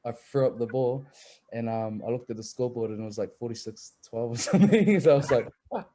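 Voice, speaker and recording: A man's voice: mid-range voice, a little fast, mellow, slight background noise. A young man, a rugby league player telling stories in a casual chat, laid-back and swearing freely.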